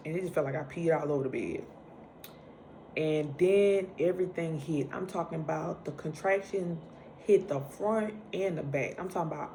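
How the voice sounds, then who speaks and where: A young woman tells a personal story in a low, full voice. She talks casually and with energy, acting out the lines she quotes. A faint hum sits behind her. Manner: animated, acts out quoted lines, laughs while telling. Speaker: vlogger.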